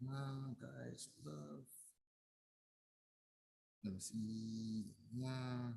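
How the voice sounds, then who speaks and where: A spoken-word poet recites original verse over a video call, taking each line slowly and with deliberate rhythm. The voice sits at a middle pitch, unhurried from start to finish, with brief fumbling pauses between pieces. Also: steady tone, gravelly, warm tone, breathy edge, faint music behind. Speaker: open mic poet. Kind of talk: poetry reading.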